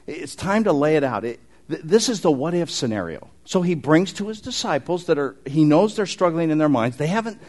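Male pastor, middle-aged, animated conversational sermon, slightly higher voice. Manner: animated, conversational preaching with asides to the congregation.

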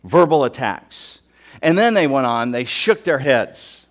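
A man preaching a sermon in a church, animated and jokey, acting out mocking voices as he reads scripture. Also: mid-range voice, unhurried. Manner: animated, acts out mocking voices, joking asides. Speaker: pastor.

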